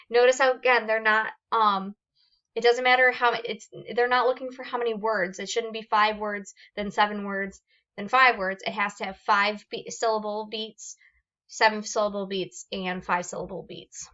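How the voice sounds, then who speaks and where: Bright-voiced woman teacher explaining poems. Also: medium pitch, fairly even intonation, normal speed, lo-fi sound. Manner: explains step by step, reads examples aloud with fillers and restarts. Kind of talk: recorded classroom lesson on poetry forms.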